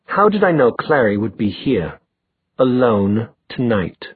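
A man doing a low, sinister young villain. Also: big pitch swings, a little slow, breathy edge, no room sound, heavily acted. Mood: taunting. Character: menacing young male villain, cold and taunting. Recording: dry tinny phone-like sound.

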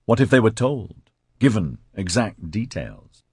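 Deep, husky male audiobook narrator. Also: expressive, a little slow, darkish tone, no echo, studio quality. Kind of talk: scripted narration.

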